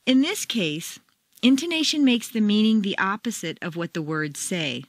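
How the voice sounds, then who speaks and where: An American woman reading a scripted pronunciation lesson, demonstrating intonation with clear, deliberate examples. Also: mid-range voice, sing-song, no echo. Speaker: pronunciation teacher. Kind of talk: scripted instructional narration.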